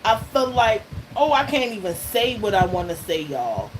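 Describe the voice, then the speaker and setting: A woman's voice: medium pitch, normal speed. A woman reading tarot cards for her viewers in a casual, emphatic way, often checking in with "okay?" and laughing between points. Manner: emphatic, keeps checking in with "okay?" and "all right?"; laughs between lines, loose and conversational. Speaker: tarot reader hosting her channel. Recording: noisy recording with steady background noise.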